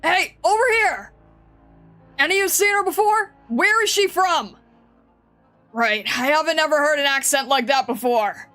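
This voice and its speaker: A woman's voice: high voice, moderate pace, fairly bright tone, pitched above the performer's own voice. A woman voicing a wary, defensive middle-aged male farmer who talks in a blunt, grumbling way, over faint background music. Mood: alarmed.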